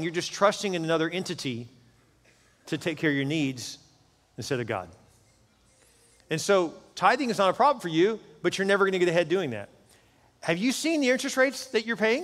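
Pastor preaching in a reverberant hall. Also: male voice, on the high side, a bit bright. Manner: conversational, joking storyteller. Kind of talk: sermon.

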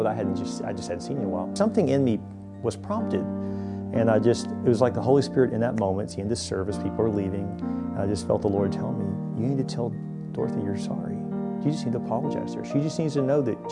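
A male pastor giving an earnest sermon to his congregation, moving from a quiet interview into rousing exhortation. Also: medium pitch, animated, fast. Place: church auditorium. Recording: large hall reverb, soft music.

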